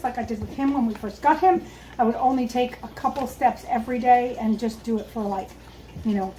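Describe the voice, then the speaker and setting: A woman with a high voice walks through a dog-training lesson, explaining each move as she makes it. She stops now and then to praise the dog softly. Faint background noise sits under her voice. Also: low-quality recording. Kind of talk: instructional demonstration.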